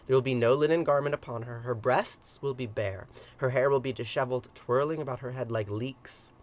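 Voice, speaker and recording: Man, mid-pitched, casual livestream host; reads a myth aloud, chuckles often, hesitant with ums, talks into a computer mic. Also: brisk. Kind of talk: reading a myth aloud and chatting with viewers.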